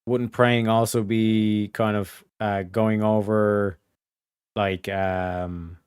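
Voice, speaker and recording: A man's voice: lowish voice, flat delivery, very slow, darkish tone, clean tone, dry recording, studio quality. A man hosting a casual stream chat, rambling with many fillers and restarts over a video call. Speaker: streamer host.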